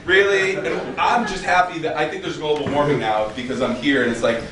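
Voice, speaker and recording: A man's voice: a little high, steady tone, a little fast, echoey room, noisy background. A man from the United States doing a live spoken-word poetry reading, with wry, sarcastic, chatty banter, recorded from a distance in a gallery room. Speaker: performing poet.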